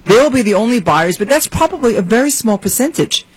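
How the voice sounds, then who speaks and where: A woman who is a real estate guest on a panel, speaking forcefully and with alarm in rapid lists. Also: fairly high pitch, expressive, husky, dry recording, rough recording. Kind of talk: panel discussion.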